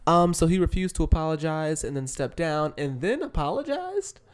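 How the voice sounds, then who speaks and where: Podcast co-host, candid, casual banter, quick laughs, mid-range voice. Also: mid-range voice, sing-song. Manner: candid, laughing, trailing restarts. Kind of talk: casual chat.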